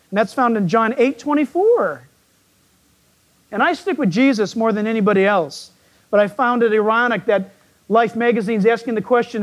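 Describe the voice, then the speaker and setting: A man with a croaky, frog-like voice, preaching a folksy sermon as a pastor who jokes and asks his listeners questions. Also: extremely high pitch, normal speed.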